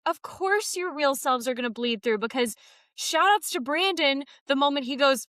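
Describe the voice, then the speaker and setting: A woman with an acting background co-hosts a casual podcast about a TV episode. She talks in a theatrical, animated way, with her voice sitting a little high. The recording is close and dry. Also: moderate pace, no room sound. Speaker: podcast co-host; trained actor. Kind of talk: casual chat recapping a TV episode.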